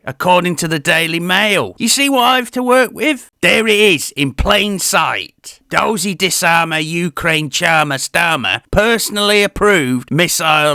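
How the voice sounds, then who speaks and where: A man's voice: high-pitched, bright, forceful tone, dry recording, studio quality, heavily acted. A man playing a grumpy, foul-mouthed older postman who rants about the news in a mock-serious newsreader manner. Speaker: comic news presenter in character. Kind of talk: comedy rant monologue.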